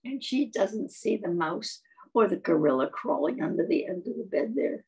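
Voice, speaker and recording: A woman reading and singing to young children in a gentle voice, often asking them questions and clearing her throat. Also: mid-range voice, animated, normal speed. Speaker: children's storyteller.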